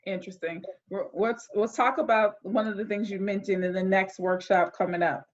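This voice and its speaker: A woman's voice: medium pitch, fairly even intonation, lo-fi sound. Encouraging woman leading a workshop. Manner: encouraging, quick to laugh and affirm. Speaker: workshop facilitator. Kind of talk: leading a group discussion.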